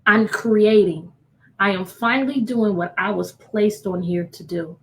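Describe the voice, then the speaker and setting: A woman's voice: medium pitch, a little slow, slight background noise. A woman guest speaking earnestly and emphatically, in short declarations. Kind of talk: earnest testimony on a video call.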